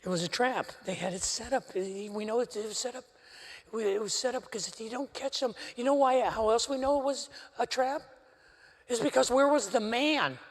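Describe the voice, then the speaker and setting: A man preaching a sermon as pastor, an animated storyteller with wry humor, recorded in a church sanctuary. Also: extremely high pitch, normal speed. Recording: live church stream with long hall reverb.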